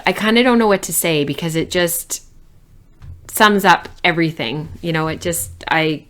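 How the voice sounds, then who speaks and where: Low-voiced woman chatting about her knitting. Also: measured pace, a bit bright, smooth. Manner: chatty, many ums and restarts, enthusiastic. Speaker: knitting podcast host. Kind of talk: casual show-and-tell chat.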